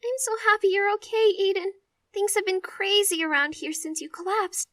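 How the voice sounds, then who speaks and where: A woman voicing a tearful, relieved teenage sister who talks high, loud and sobbing. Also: big pitch swings, slow pace, no echo, studio quality, distant mic, full character voice.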